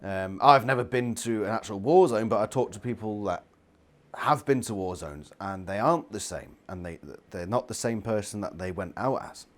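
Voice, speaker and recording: A man's voice: on the low side, normal speed. A young man giving a casual book review, ranting and swearing constantly in exasperation.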